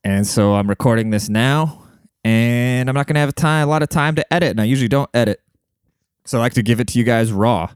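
A man's voice: medium pitch, fast talker, clean tone, no room sound, studio quality. A young man hosting a casual solo podcast from home, talking in a crude, rambling and sarcastic way. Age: young adult. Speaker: podcast host. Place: home room with a cat.

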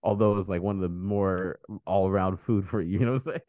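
Man, deep voice, dry close sound, casual rambling podcast chat, animated storytelling. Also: quick pace, no echo. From United States. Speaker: podcast host.

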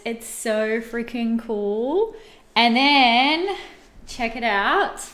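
A woman, hosting a live podcast stream and gushing excitedly to her viewers, full of fillers and exclamations. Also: a little high, very slow. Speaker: podcast host and mindset coach. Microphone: camera mics on a live stream.

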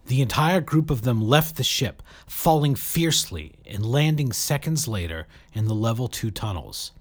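Male narrator, lively pitch, storybook reading voice. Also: moderate pace, few pauses. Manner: animated, raising his voice sharply for shouted dialogue. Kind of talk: audiobook-style story narration.

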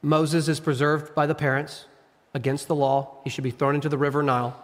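A man preaching an expository sermon, reading scripture and retelling stories in an animated, emphatic, conversational way. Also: on the high side, brisk. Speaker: pastor. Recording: reverberant church hall.

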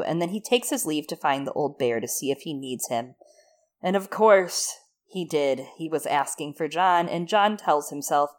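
A woman's voice: deep voice, lively intonation, normal speed. A woman co-hosting a casual book discussion, steadily recapping the plot. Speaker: podcast co-host.

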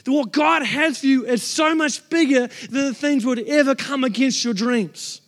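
A man preaches a heartfelt sermon in a strikingly high voice. He tells his story earnestly and passionately, pushing up into shouts as he goes. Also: normal speed. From New Zealand. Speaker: pastor.

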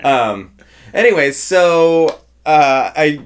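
A man in his thirties, a pastor chatting casually and telling lively stories, acting out the voices of the people in them. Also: on the high side, drawn-out words, clear, resonant tone. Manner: animated storyteller acting out quoted voices. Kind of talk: casual podcast chat.

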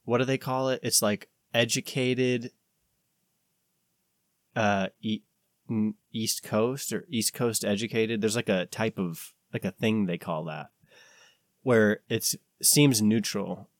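American man, podcast co-host, low voice, meandering casual chat. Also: slow pace, no room sound, clean studio sound. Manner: rambling, searching for words with many fillers.

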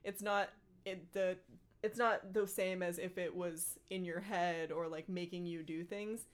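A woman's voice: fairly low pitch, fairly even intonation, unhurried. A woman chatting casually in a book discussion, talking in a laughing, self-conscious way. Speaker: book club member. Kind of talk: casual chat.

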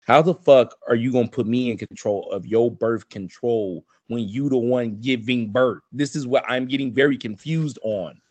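Guy ranting loud and profane on a podcast, dry close sound. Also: mid-range voice, no echo. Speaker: podcast co-host. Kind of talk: casual podcast chat.

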